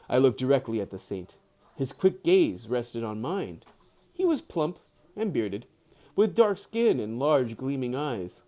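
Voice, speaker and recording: A man streaming live, reading a book aloud and breaking off into casual chat at home with his dogs around, animated and quick to laugh, often correcting himself mid-sentence. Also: mid-range voice. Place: home, with pet dogs nearby.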